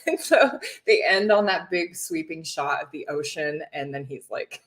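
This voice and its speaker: A woman's voice: low-pitched, lively intonation, normal speed, fairly bright tone. A woman hosting a casual livestream, chatting, laughing and reading viewer comments aloud. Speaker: livestream host reacting to a reality show.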